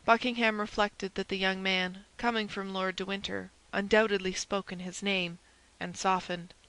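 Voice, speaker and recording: A woman narrating a classic novel as an audiobook in a steady, measured reading. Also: mid-range voice, rough recording. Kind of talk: scripted narration.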